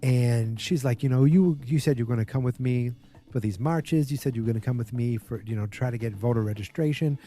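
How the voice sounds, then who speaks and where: A man's voice: medium pitch, dark tone, faint music behind. A man hosting a podcast, casually recapping a TV episode in a rambling way and acting out characters' quotes. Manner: rambling, acts out quotes in quick bursts. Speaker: podcast host.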